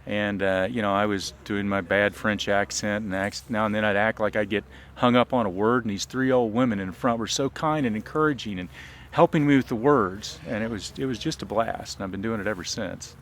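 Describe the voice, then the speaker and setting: This man, a biology teacher and reenactor from Southern Illinois, speaks briskly in a lowish voice during a casual outdoor interview. His relaxed manner includes frequent ums, uhs, and restarts, and a little hiss or hum is audible.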